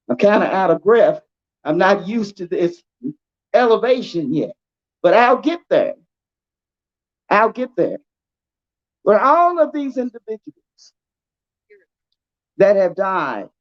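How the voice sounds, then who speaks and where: Woman giving a slow, emphatic rally speech. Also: on the low side. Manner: slow, emphatic, repeats phrases for effect. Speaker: rally speaker. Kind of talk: impassioned rally speech with call-and-response. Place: outdoor rally. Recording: dull lo-fi rally recording.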